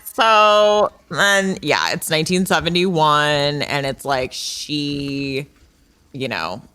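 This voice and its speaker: A woman with a low but bright, forward voice, co-hosting a casual podcast. She lays out a film's plot step by step in plain, matter-of-fact chat. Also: slow, clear, resonant tone. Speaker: podcast co-host. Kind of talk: casual film recap chat.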